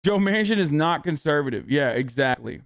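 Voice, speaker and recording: A man's voice: a little high, lively intonation, brisk, no room sound, clean studio sound. A young man hosting a livestream, ranting in a casual, profane and argumentative way. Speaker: livestream host.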